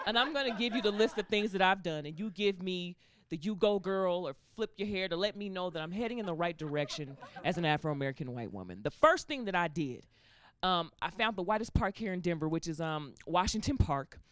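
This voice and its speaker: A woman performing a stand-up comedy set, telling stories with animated delivery and acting out other people's voices. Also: lowish voice, a little fast. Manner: animated storytelling with acted-out voices. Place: comedy club stage with live audience. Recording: live crowd laughter behind.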